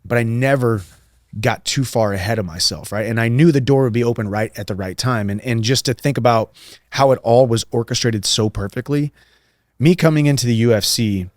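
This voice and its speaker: A man's voice: medium pitch, fairly quick, no echo, studio quality. A man in his thirties, a guest on a podcast, talking earnestly and emphatically and repeating phrases for rhythm. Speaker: guest, professional fighter. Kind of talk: casual podcast conversation.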